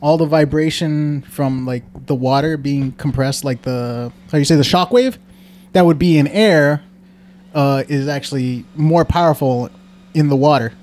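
Higher-voiced man rambling through an explanation. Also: unhurried, a little mellow. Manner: rambling, hesitant, swearing. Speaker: podcast co-host. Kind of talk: casual chat.

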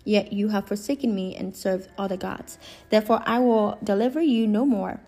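A woman's voice: medium pitch, steady tone, moderate pace, warm tone. A woman teaching a Bible study, reading scripture and paraphrasing it expressively in casual speech.

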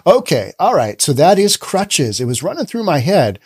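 A man's voice: on the high side, very animated, normal speed, a little mellow, slightly rough, no echo, studio quality. A man hosting a podcast, commenting sarcastically on news stories he reads aloud, often repeating himself. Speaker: podcast host.

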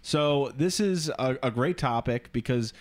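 A man co-hosts a podcast, telling a personal story in a loose, rambling style. His speech is packed with filler words and restarts. His voice sits at an ordinary mid pitch. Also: a little slow. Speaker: podcast co-host. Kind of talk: casual storytelling chat.

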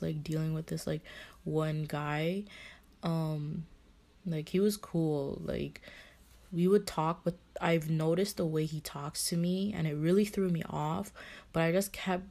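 A woman's voice: low voice, gravelly, warm tone. A young woman giving casual relationship advice, blunt, swearing often, and padding her talk with fillers.

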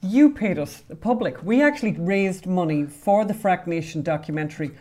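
A woman's voice: lowish voice, animated, normal speed, mellow. A woman co-hosting a casual podcast chat, steering the talk and dropping dry, teasing remarks. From Ireland. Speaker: co-host.

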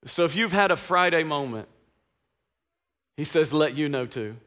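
A man's voice: on the high side, expressive, normal speed, fairly bright tone. A male pastor from East Tennessee, preaching an Easter sermon with passion and call-and-response. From East Tennessee, USA.

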